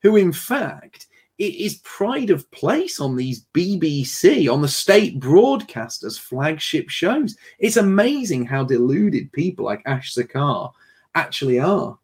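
A man hosting a livestream panel chat, reading viewer messages aloud with animated energy and frequent laughter. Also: fairly high pitch, takes it slowly, breathy edge. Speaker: host.

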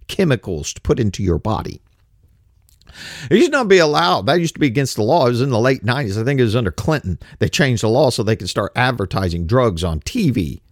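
A middle-aged man talks in a loose, rambling monologue, blunt and skeptical. His pitch rises and falls in an animated way. The sound is dry and close, with no room around it. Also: no echo. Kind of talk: casual monologue commentary.

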